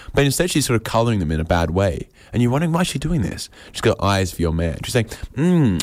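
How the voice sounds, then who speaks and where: A man's voice: sits low, no echo, studio quality. A man riffing through an absurd comedy scenario in a playful, rambling way.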